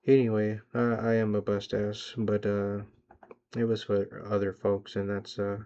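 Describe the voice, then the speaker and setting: Talking to himself in a car for his vlog, a young man rambles through a casual, profane pep talk hyping himself up. His voice is lowish, mellow and monotone, moving a little slowly. The sound is dull and lo-fi.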